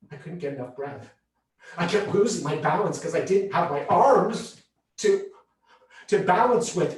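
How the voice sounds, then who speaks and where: A man performing a one-man stage show, telling his story with vivid, expressive delivery in a slightly raised pitch. The sound is very echoey, caught from back in a large theatre. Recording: roomy theatre heard from a distance.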